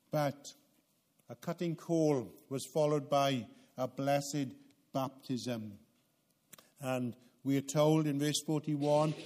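A man's voice: mid-range voice, dark tone. A man preaching a sermon in a church, earnest and emphatic. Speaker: pastor.

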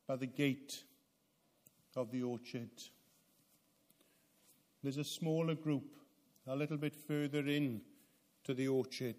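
Slow, dramatic male preacher. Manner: rises to loud emphatic peaks, then drops low and quiet; slow, deliberate delivery with dramatic pauses. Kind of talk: sermon.

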